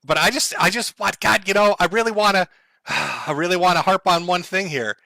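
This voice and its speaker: A man's voice: high voice, normal speed, creaky, bright, forceful tone, no echo, clean studio sound. A man streaming live in casual chat, sarcastic and profane, laughing often as he talks to his chat.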